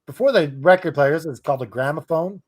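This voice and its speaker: A man co-hosting a podcast, chatting casually, hesitant with his words and quick to laugh. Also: a little high. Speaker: podcast co-host.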